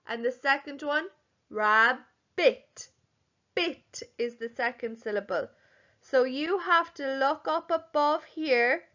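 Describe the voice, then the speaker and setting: A young woman teacher giving a recorded lesson to young children, speaking slowly and clearly and sounding out words. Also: sits high, bright, forceful tone. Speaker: primary school teacher. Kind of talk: recorded home-learning lesson. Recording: slightly dull, lo-fi audio.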